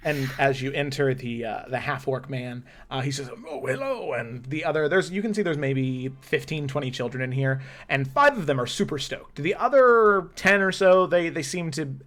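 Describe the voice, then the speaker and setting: A man's voice: medium pitch, normal speed, hardly any pauses, a bit bright. A man narrating as game master in a tabletop game, casual and full of fillers. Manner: casual, with many fillers and restarts.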